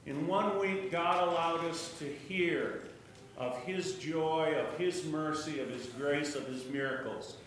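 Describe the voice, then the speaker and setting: A hard-of-hearing man gives a testimony in a church sanctuary, telling his story slowly and animatedly with joking asides. The mic is distant, so the room is echoey, with boomy hall reverb and a faint hiss.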